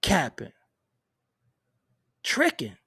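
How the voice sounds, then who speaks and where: A man's voice: drawn-out words, pushed and bright, dry recording, clean studio sound. A man telling a story in a casual, profane and emphatic way, laughing between lines.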